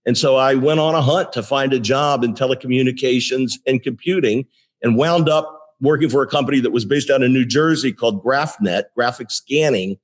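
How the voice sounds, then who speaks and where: A man in his sixties, a company CEO, telling career stories in a relaxed interview, with frequent restarts and fillers. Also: medium pitch. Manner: animated storyteller with many restarts. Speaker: guest, tech company CEO. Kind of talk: casual interview storytelling.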